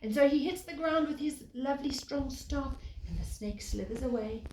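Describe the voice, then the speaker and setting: A woman, a preschool teacher, telling a picture-book story to young children in a gentle, sing-song way, pausing to point at the pictures. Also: sits high. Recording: echoey room, faint background noise.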